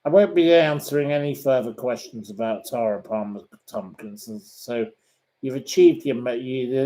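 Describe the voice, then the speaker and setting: Brief: man, host, talks slowly and bluntly, fends off questions with indignation. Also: mid-range voice, dark tone, rough recording. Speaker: host answering viewer questions. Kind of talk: casual live-stream chat.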